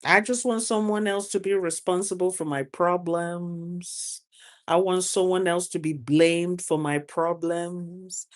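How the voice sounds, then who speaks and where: A woman's voice: fairly low pitch, flat delivery, a little slow. A woman hosting a casual motivational talk, laughing often and repeating phrases for emphasis. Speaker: host, spiritual advice speaker.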